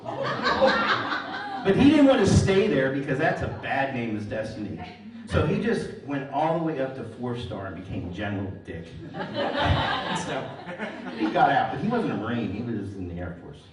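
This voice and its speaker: A man's voice: medium pitch, wildly swooping pitch, moderate pace. A middle-aged man performing a stand-up comedy set, telling stories dryly and landing puns as punchlines before a live audience. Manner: dry storytelling with pun punchlines. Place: large hall on stage before live audience. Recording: echoey hall, mic at a distance, crowd laughter. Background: audience laughter.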